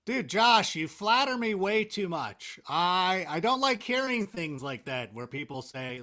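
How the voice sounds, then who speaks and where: Male guest, 40s, higher and very lively voice, rambling self-deprecating storyteller. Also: measured pace, hardly any pauses. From Southern California, US. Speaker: sports analyst and guest. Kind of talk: casual interview chat.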